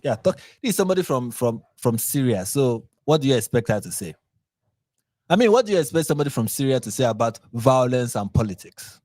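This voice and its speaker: A man's voice: medium pitch, big pitch swings, a little fast, darkish tone, no room sound. A Nigerian man with a Nigerian accent hosting his channel, giving sarcastic, mocking live commentary on posts and rambling through restarts and repeats. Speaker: channel host.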